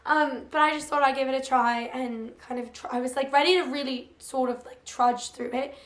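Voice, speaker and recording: A hoarse woman putting on a playful English accent and using mock-British slang while she chats about books. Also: high-pitched, steady tone, moderate pace, lightly acted. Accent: put-on English. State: hoarse, recovering voice. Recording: roomy echo.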